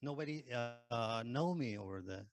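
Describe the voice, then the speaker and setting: A man who is not a native English speaker, telling his conversion testimony in hesitant English full of pauses and fillers. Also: medium pitch, expressive. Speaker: ex-Muslim convert giving testimony. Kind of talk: personal testimony.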